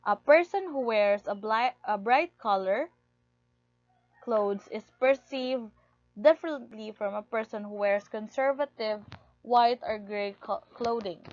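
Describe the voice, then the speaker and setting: A woman with a fairly high voice delivers a lecture at a very unhurried pace, reading from her notes and leaning on key words. The recording is dull and lo-fi, with a dry, close sound and no room around her. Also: no room sound. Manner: reads steadily from notes, stressing key words.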